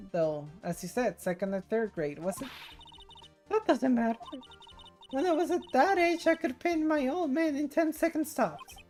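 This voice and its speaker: A woman voicing a shrill, indignant old woman guard in a courtroom game. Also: dark tone. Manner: screechy and indignant.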